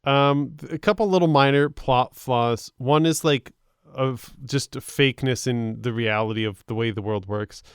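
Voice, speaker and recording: A man's voice: mid-range voice, moderate pace, clear, resonant tone, dry recording, clean studio sound. A man co-hosting a podcast, giving easygoing casual opinions on a film. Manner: easygoing, laughs along, frequent agreeing fillers. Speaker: podcast co-host. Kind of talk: casual film review chat.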